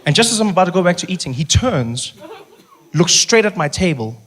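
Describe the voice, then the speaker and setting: Animated South African stand-up comedian. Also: male voice, high-pitched. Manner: animated, fast bursts of self-talk. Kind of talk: stand-up storytelling. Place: stage before a live audience. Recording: noisy live stage recording.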